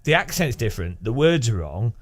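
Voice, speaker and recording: A man's voice: medium pitch, sing-song, fairly quick. A man streaming live, chatting casually with viewers and laughing often. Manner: chatty, laughs often, imitates language rhythms with syllables.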